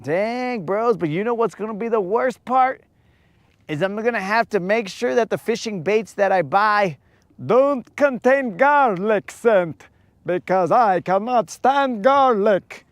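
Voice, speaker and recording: A man's voice: high voice, animated, no room sound, voice pushed up. Man hamming up a Dracula-style vampire count. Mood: hammy. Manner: theatrical, drawn-out and showy. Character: hammy adult male vampire count.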